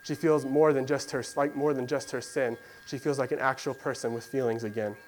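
Male preacher, mid-pitched, casual storytelling sermon, light hum under the voice. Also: fairly even intonation, fairly quick, rough recording. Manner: conversational storytelling with fillers, acts out voices of biblical figures.

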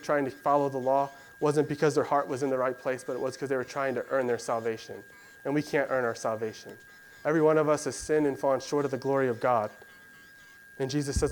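A man's voice: medium pitch, slight background noise, low-quality recording. A man preaching a sermon in a conversational, storytelling way, with "um" and "you know" fillers. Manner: conversational storytelling with fillers, acts out voices of biblical figures.

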